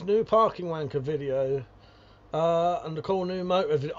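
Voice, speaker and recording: British man, livestream host, fairly high voice, profane ranting, slightly muffled lo-fi audio. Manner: profane, ranting, laughs often. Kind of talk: casual livestream chat, reading viewer comments.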